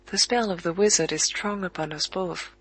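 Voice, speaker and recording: An audiobook narrator reads a literary story at a measured, even pace, pausing at the commas. The voice is medium-pitched and fairly bright, but the audio quality is poor.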